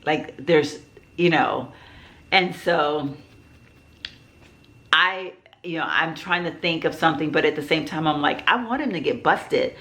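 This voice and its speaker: Low-voiced woman telling a story. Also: measured pace, pauses often, a bit bright. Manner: rambling, many fillers and restarts. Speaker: vlogger. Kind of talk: personal storytelling.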